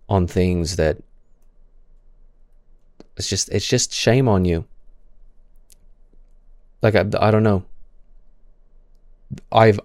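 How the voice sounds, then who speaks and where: A man's voice: low-pitched, a little mellow, smooth, dry recording, clean studio sound. A man in his twenties who stutters, giving impassioned stream commentary with frequent restarts and repeated words.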